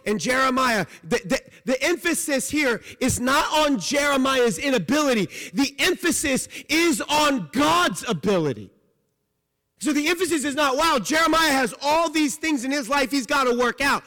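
High-voiced preaching pastor in a hall. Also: male voice, expressive, normal speed. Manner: emphatic preaching, swings from loud to low. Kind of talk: sermon.

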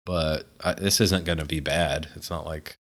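Deep-voiced laid-back male co-host. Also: steady tone, moderate pace, fairly bright tone. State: a little sick. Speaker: podcast co-host. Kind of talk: casual gaming podcast chat.

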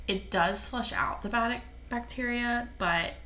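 A woman's voice: a little high, slow pace, sharp tone. A young woman co-hosting a podcast in casual chat, giggly and chatty with plenty of filler words. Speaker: podcast co-host. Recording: echoey room with faint background noise.

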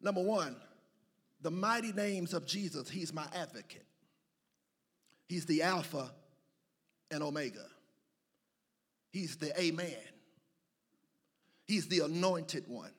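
A man's voice: on the high side, animated, slow, pauses often, breathy edge. A man preaching a sermon, moving between playful asides and rising, chanted calls to his congregation. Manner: building to shouted, chanted call-and-response preaching.

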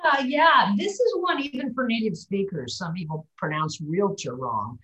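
Animated woman voice coach, echoey room. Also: medium pitch, moderate pace. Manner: demonstrative, models sounds and words aloud. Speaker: voice and pronunciation coach. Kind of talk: coaching talk on a group video call.

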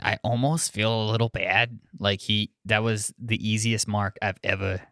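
Man doing a goblin grifter, New York accent, low, hesitant, dry close mic. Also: steady tone, normal speed, a bit bright, no echo. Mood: sheepish.

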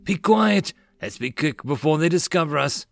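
A man's voice: a little high, animated, normal speed, creaky, no room sound, studio quality, voice pushed up. A man voicing a scheming, angry ex-slave rebel leader who hisses with bitter fervor. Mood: fearful. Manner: hissing, bitter, fervent.

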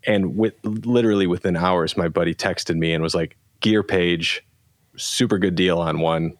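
A man with a very low voice, telling a relaxed, rambling story in casual chat. He acts out what people said. The sound is dry and close, with no room echo. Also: moderate pace. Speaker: guest, pedal company founder.

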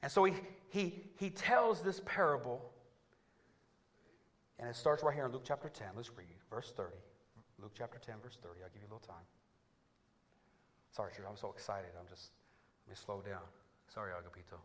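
A man preaching to his church, dropping low and quiet, then surging loud and high, with quick stammered restarts. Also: a little hiss or hum. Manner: restarts words in bursts. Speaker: pastor. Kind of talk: sermon. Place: church before a congregation.

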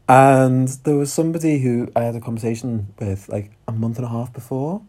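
A man's voice: mid-range voice, normal speed, a little mellow. A man with a Scouse accent telling a story on his podcast in a chatty way, laughing often and swearing casually. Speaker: podcast host.

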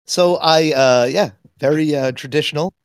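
A man's voice: a little high, normal speed, smooth, dry recording, clean studio sound. A man co-hosting a casual podcast chat, teasing and a little hesitant. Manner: teasing, hesitant, with many fillers. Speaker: podcast co-host.

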